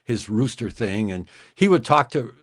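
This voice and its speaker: An older man from the Chicago area hosts a casual livestream, telling a story in a rambling, hesitant way. His pitch sits mid-range but swings a lot as he talks. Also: sing-song, moderate pace. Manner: rambling, hesitant, self-interrupting. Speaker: livestream host.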